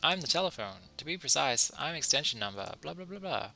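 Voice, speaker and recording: A brisk, matter-of-fact talking phone booth, as a man reads its lines. The voice is gravelly and bright, with faint game music underneath. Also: fairly high pitch, sing-song, exaggerated voice. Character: talking telephone booth giving directions.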